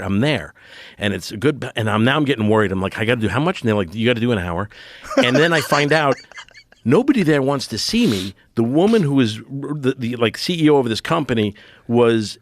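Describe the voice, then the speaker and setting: A middle-aged man with a voice of ordinary pitch, spinning an anecdote in relaxed podcast conversation. He talks in fits and starts, piles up restarts, and jumps into his own panicked voice as he goes. The sound is close and dry, with no room around it. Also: dry recording. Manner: rambling, self-interrupting, animated retelling. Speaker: comedian guest. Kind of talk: casual podcast storytelling.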